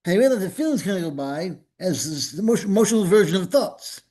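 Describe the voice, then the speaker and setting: A man's voice: sits high, big pitch swings, fast, a little mellow. Rambling, folksy male preacher. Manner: rambling, repeats words, folksy and joking. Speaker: minister leading a spiritual gathering. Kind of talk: informal spoken sermon.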